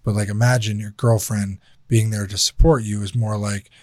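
A man's voice: on the low side, little pitch movement, moderate pace, no room sound, studio quality. A man hosting a casual podcast chat, talking bluntly and candidly with plenty of swearing. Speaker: podcast host.

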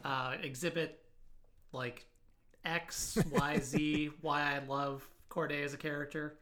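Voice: mid-range voice, little pitch movement, slow pace, a bit bright. A podcast co-host in casual chat, gushing and profane, stumbling over words.

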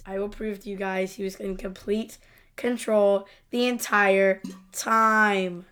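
A woman's voice: medium pitch, steady tone, takes it slowly, over a noisy crowd. A young adult woman co-hosting a casual podcast chat, arguing her point insistently. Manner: insistent and argumentative. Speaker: podcast co-host.

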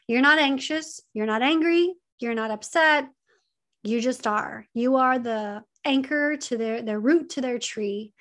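A woman's voice: fairly high pitch, unhurried, a bit bright. A woman giving earnest, conversational advice straight to her audience, repeating her key points and using casual fillers. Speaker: advice speaker on emotional abuse. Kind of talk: direct-to-camera advice talk.

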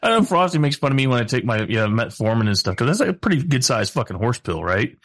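A man's voice: mid-range voice, big pitch swings, fast, a bit bright. A man co-hosting a podcast, joking crudely in casual banter. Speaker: podcast co-host. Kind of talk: casual chat.

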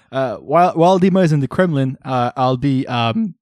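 A man's voice: mid-range voice, very animated, unhurried, a little mellow, no echo, clean studio sound. A man co-hosting a casual chat, leading the talk with plenty of ums and uhs. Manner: hesitant, many fillers, sets up questions. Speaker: podcast co-host.

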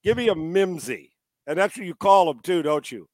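A middle-aged man hosting a sports talk show, loud and joking, telling stories with put-on voices. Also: high voice, animated, moderate pace, dry recording, clean studio sound. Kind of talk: casual podcast banter.

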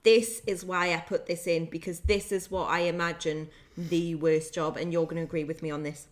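A woman's voice: fairly low pitch, level tone, normal speed. A young woman co-hosting a casual chat podcast, swearing freely, laughing often and reading out listener stories. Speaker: podcast co-host.

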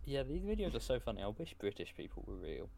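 A man's voice: medium pitch, huge pitch swings, fast talker, vocal fry, dark tone, no room sound. A man co-hosting a casual podcast, joking and laughing a lot. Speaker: podcast co-host. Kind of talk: casual chat.

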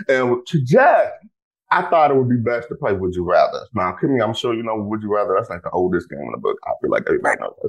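A young man in his twenties hosting a casual podcast, bubbly and full of exclamations. His pitch leaps all over the place, and he sounds thrilled to be talking food. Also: low-quality recording. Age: 20s. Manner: bubbly, animated, lots of exclamations. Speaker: podcast host. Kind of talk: excited casual podcast chat.

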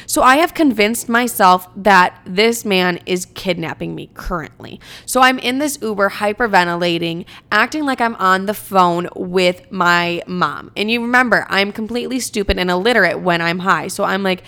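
Young adult woman, vlogger, clear resonant tone, loose animated storytelling with profanity. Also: medium pitch, moderate pace, few pauses. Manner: animated, swearing, self-mocking. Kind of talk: casual storytime monologue.

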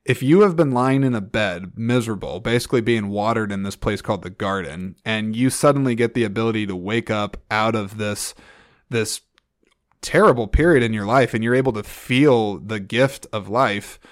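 A man with a fairly low voice hosts a solo film review podcast. He talks earnestly and rambles, stopping and restarting his sentences often. The recording is dry and close, with no room sound. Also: moderate pace, no echo. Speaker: podcast host.

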